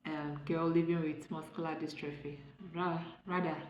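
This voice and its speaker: Low-voiced Nigerian woman vlogging. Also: little pitch movement, moderate pace, highs cut off, a little hiss or hum. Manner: rambling, restarting, self-correcting. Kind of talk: casual talk to camera. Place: room at home. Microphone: phone camera. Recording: echoey room on a phone.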